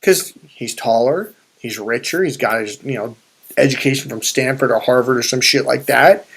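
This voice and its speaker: Gravelly, a bit bright, and breathy at the edges, this man's mid-range voice moves at a moderate pace. He's a spiritual and life coach rambling through a casual story for viewers, profane and constantly restarting his sentences.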